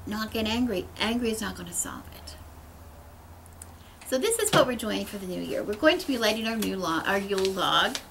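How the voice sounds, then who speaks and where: Earnest woman with a gravelly voice. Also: medium pitch, a bit bright, slight background noise, low-quality recording. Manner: rambling, earnest, many restarts. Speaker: host. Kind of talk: casual spiritual talk.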